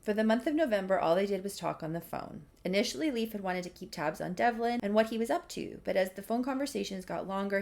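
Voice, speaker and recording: A woman's voice: mid-range voice, gravelly. A woman casually recapping a soap story as a video creator, chatty and wry. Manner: chatty, wry, lots of fillers.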